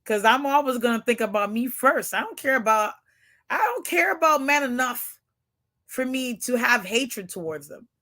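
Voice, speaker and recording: A woman with a high, bright voice chats casually with her viewers. She is brash and joking, laughs often and keeps coming back to the word "shoot". Her delivery is loud and animated. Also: moderate pace. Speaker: channel host.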